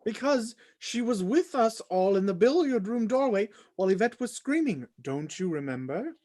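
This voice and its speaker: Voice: mid-range voice, big pitch swings, moderate pace, darkish tone. A reader voicing a frantic male butler in a live script reading, racing through the recap with sudden yelps.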